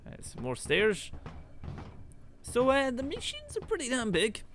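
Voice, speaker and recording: Young male gamer, lively, swooping delivery, chatty let's-play commentary that breaks into sudden exclamations. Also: very high voice, a little slow. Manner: chatty, thinking aloud, exclaiming at mishaps. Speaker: gaming video host. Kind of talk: gameplay commentary.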